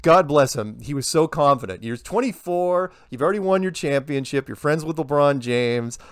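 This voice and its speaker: A man's voice: a little high, normal speed, clean tone, dry recording. Rambling storyteller man, dry sound. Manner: rambling, animated storyteller acting out quotes. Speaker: interviewee. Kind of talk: casual phone interview storytelling.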